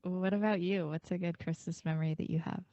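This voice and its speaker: Young woman co-host, casual chatty storyteller, slightly low pitch, dry studio mic. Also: steady tone, fast talker, warm tone, no echo, highs cut off. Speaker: podcast co-host. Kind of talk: casual chat.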